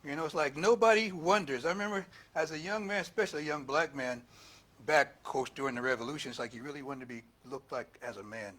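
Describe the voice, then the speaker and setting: An older man preaching a storytelling sermon as pastor, animated and laughing, acting out quotes in a raised voice. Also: on the high side, fast talker.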